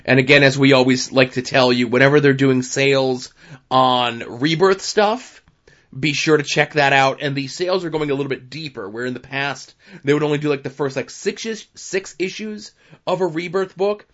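A man's voice: medium pitch, moderate pace, a bit bright. A man co-hosting a podcast, chatting casually and rambling through a list with many fillers. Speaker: podcast co-host. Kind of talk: casual chat. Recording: dull lo-fi podcast audio.

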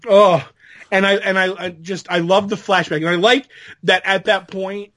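Excitable high-voiced man, chatty. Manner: excitable, jokey, quick to mimic others. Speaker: podcast co-host. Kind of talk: casual chat.

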